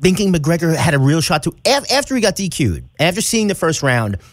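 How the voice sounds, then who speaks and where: A male radio host chats casually with his guest. His voice is fairly high and swings up and down a lot. The sound is close and dry. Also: sing-song, brisk, dry recording.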